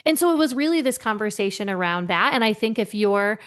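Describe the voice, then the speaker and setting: A middle-aged woman coaching on leadership tells her stories with energy, slipping into the voices of the people she quotes. Her voice sits at an ordinary middle pitch. She talks like a podcast guest in easy conversation. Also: brisk. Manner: animated storyteller, acts out quoted voices. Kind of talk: storytelling in a podcast interview.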